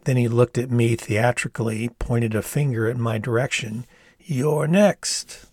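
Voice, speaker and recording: An older man reading his own memoir aloud in a measured storytelling manner. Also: mid-range voice, little pitch movement, a little mellow, no room sound, studio quality. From Ann Arbor, Michigan, USA. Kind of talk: audiobook narration.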